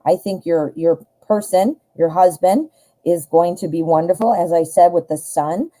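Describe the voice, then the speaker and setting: Dark-voiced woman reading tarot live. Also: fairly low pitch, moderate pace, rough recording. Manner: chatty, laughs at her own jokes, talks to viewers. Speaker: tarot reader hosting a live stream.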